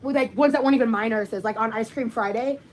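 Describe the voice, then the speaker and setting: A woman's voice: fairly high pitch, fast, a little hiss or hum. A woman telling a personal story in a casual, rambling way, with lots of fillers. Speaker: vlogger.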